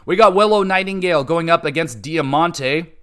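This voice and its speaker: A man hosting a wrestling podcast, recapping matches in a casual, blunt style with swearing, fillers and animated opinions. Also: a little high, moderate pace, clean tone. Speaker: podcast host reviewing wrestling shows.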